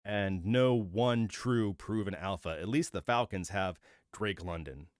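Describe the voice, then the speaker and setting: A man talks through his opinions in a low, smooth, resonant voice. He thinks aloud in a casual solo commentary, with fillers and restarts. The sound is dry and close. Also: measured pace, no room sound. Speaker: host of a football channel.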